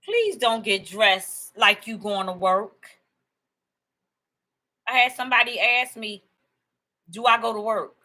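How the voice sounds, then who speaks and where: A woman in a casual, rambling monologue to her viewers, animated and emphatic, often repeating herself. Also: a little high, slow, pauses often, rough recording. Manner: animated and excitable, laughing and emphatic; rambling storytelling with repetition. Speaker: video host.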